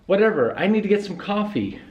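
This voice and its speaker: A man with a somewhat high voice talks casually to his handheld camera, rambling from one thought to the next and poking fun at himself. The recording is full of street noise around him. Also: sing-song, fast, lo-fi sound. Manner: rambling, chatty and self-mocking. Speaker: vlogger. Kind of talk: casual vlog chat. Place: outdoors in a city, walking about.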